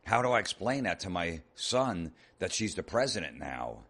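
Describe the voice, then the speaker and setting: Very deep-voiced man ranting profanely. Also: very animated, normal speed, fairly bright tone. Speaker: podcast host. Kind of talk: comedic ranting monologue.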